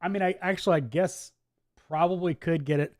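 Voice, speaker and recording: A man's voice: on the high side, a little fast, a little mellow, dry recording, clean studio sound. A man with a mixed Midwest and Southern US accent hosts a casual live chat, reading viewer comments in a chatty, laid-back way and laughing often. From US Midwest, Wisconsin. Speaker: livestream host. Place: home office.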